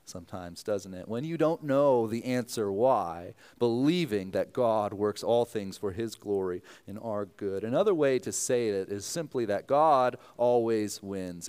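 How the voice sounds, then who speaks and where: A man in his thirties, a pastor, who prays earnestly and then preaches a sermon, telling stories in an animated way with some fillers. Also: fairly low pitch, unhurried, hardly any pauses, clean tone.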